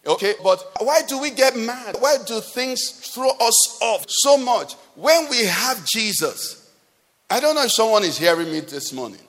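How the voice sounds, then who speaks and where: Pastor preaching, high voice. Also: male voice, big pitch swings, unhurried, a bit bright. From Nigeria. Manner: emphatic, rhetorical questions to the congregation. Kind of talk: sermon. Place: church hall. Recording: long hall reverb.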